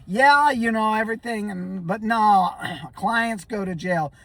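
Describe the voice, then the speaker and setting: A shaken man telling a comic story in a rambling, stammering way, often coughing and clearing his throat. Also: high voice, a little slow, a bit bright, dry recording, far from the mic. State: shaky and rattled. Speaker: comedic vlogger.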